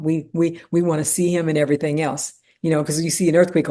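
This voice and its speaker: A woman leading a conversational Bible study, animated and acting out the dialogue, with frequent "you know" asides. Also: deep voice, fast talker, few pauses.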